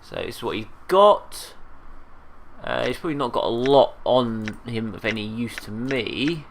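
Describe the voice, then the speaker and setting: Gravelly man playing a game. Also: medium pitch, measured pace. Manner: rambling, hesitant, many "uh"s. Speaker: game commentator. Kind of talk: casual let's play commentary.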